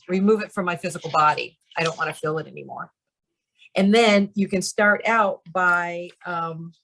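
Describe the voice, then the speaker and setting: A woman's voice: on the low side, fairly bright tone. A woman in a channeling practice group, talking casually and explaining things step by step, with lots of fillers and frequent laughs. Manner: chatty, lots of "like" and "you know", laughs often.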